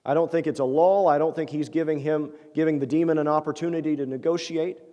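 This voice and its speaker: A man preaches in a church sanctuary, his fairly high voice soft and mellow. He talks earnestly and conversationally, tossing rhetorical questions to the congregation, and his words trail off into a long church-hall reverb. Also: fairly even intonation, fast talker, highs cut off. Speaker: pastor. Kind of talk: sermon.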